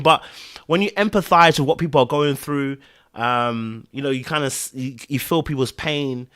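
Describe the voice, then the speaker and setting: A man hosting a podcast, giving emotional, animated commentary on a TV episode, sighing and swinging between loud bursts and quiet murmurs. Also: medium pitch, slow. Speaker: podcast host reviewing a TV episode.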